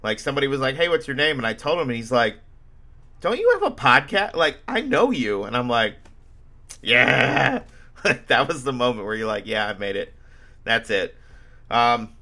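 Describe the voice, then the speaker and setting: A man's voice: lowish voice, pushed and bright. A man hosting a casual podcast, telling anecdotes with animation and acting out what people said. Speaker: podcast host.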